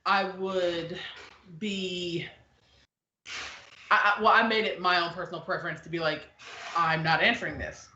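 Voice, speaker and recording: A woman hosting a podcast in casual, opinionated chat, blunt and animated, often acting out the people she quotes. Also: on the low side, unhurried, long pauses, slight background noise. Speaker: podcast host. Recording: echoey, dull lo-fi room.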